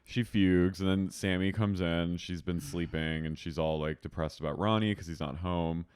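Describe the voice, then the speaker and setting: A man's voice: low-pitched, fairly even intonation, moderate pace, a little mellow, smooth, no echo. A man co-hosting a podcast, chatting casually and tossing in joking asides while recapping a show. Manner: joking, adds punchlines to the recap. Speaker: podcast co-host.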